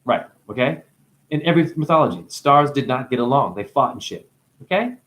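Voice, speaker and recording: A man's voice: mid-range voice, animated, fairly quick, fairly bright tone. A man giving a rambling spiritual monologue, free-associating with wordplay, swearing often and breaking into laughter. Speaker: self-styled spiritual teacher.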